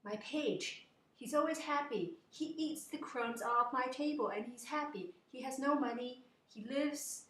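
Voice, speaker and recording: A demanding fairy-tale king, spoken by a woman retelling the story sneers in disbelief at a servant's happiness. The voice stays close to her own and sounds like it is in a room with echo. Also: very high-pitched. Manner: incredulous, scornful. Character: proud demanding rich adult male king. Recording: echoey room.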